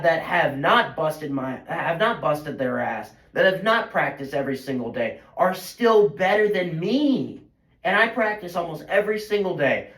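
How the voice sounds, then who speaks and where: A teenage boy and high school golfer venting in a frustrated, self-critical ramble full of restarts. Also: fairly bright tone. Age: teens. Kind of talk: emotional venting monologue. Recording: roomy echo.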